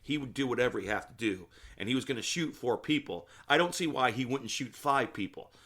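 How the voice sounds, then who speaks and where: A man's voice: mid-range voice, lively intonation, fairly quick, fairly bright tone. A rambling man hosting a solo podcast. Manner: casual, rambling, many filler words and asides; opinionated, talks to the listener directly. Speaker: podcast host. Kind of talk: solo comedy podcast movie recap.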